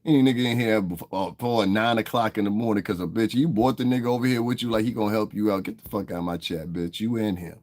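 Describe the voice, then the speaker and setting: A man's voice: fairly low pitch, quick pace, hardly any pauses, darkish tone. A man hosting a livestream, talking straight to his chat in a profane, confrontational rant. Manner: profane and confrontational, heated tirade at viewers. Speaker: livestream host. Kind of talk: live-stream commentary, talking to chat.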